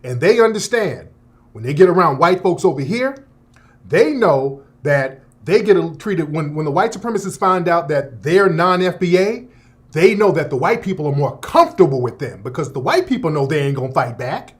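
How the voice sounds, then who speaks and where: A talk radio host with a slightly high voice, speaking at a moderate pace, delivers an opinionated monologue. He's profane and animated, laughing and slipping into mocking put-on voices.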